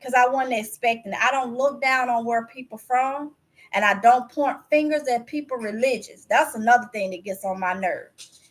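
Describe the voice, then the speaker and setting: A woman's voice: a little high, moderate pace. A woman from Mississippi with a Mississippi Southern accent, telling stories to her vlog audience in a chatty, candid, folksy way. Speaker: vlogger. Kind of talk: casual storytelling to camera.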